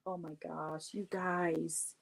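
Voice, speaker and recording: Woman guest, casual livestream storyteller, laughs often, animated. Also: fairly low pitch, takes it slowly, creaky, rough recording.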